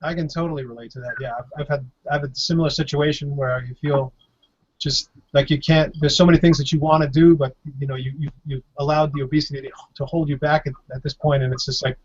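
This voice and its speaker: A man's voice: a little high, steady tone, fast talker. A man hosting a casual chat show, asking questions in a jokey, easygoing way. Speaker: host. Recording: dull lo-fi recording.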